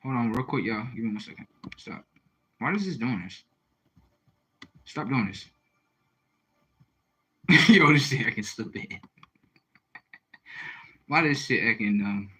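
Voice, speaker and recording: Brief: male livestream host, husky and bright, loose and profane. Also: mid-range voice, measured pace, pauses often, poor audio. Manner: profane, animated, rambling, reads viewer comments. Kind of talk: casual livestream chat.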